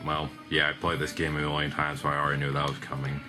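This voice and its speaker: Low-voiced young man joking over gameplay. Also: monotone, quick pace, hardly any pauses. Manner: joking, profane, sarcastic. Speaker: let's play gamer. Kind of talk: casual gameplay commentary. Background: game music.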